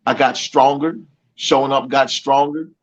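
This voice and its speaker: In a motivational interview, a middle-aged male coach speaks emphatically and repetitively, with a preacher-like cadence and many restarts. His mid-range voice stays fairly even and unhurried, and the audio sounds dull.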